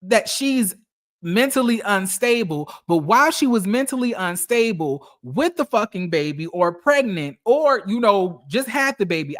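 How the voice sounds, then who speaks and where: A man giving casual, animated celebrity gossip commentary, sassy and profane, reading text messages aloud and reacting to them. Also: high voice.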